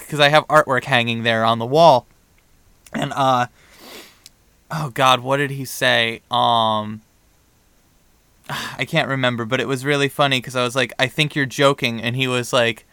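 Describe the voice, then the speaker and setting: A young man co-hosting a podcast, telling a story in a casual, animated way and acting out the dialogue. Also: medium pitch, unhurried, pauses often, smooth, no echo. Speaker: podcast co-host.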